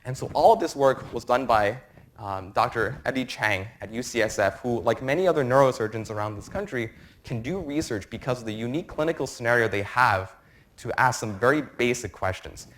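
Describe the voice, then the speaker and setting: A young man in his twenties presenting an academic lecture to a room, explaining research in a quick, informal way. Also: medium pitch, lively intonation, a bit bright. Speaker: medical student presenter.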